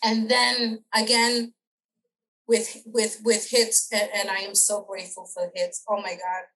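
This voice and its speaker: A middle-aged woman, a podcast guest, telling a personal story in casual interview chat. She is animated, acts out the voices of people she quotes and laughs often. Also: mid-range voice, unhurried, poor audio.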